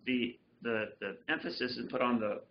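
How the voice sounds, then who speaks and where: A man's voice: medium pitch, normal speed, heavy background noise. A man teaching a fiddle lesson over a livestream, explaining loosely with many restarts and fillers. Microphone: computer mic on a video call. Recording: dull lo-fi livestream audio with fiddle. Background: fiddle playing.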